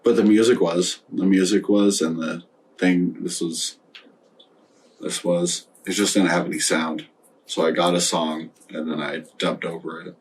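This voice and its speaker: A stoned man hosting a casual podcast chat, rambling and halting with many fillers. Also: low voice, steady tone, distant mic, a little hiss or hum, low-quality recording. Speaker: podcast host.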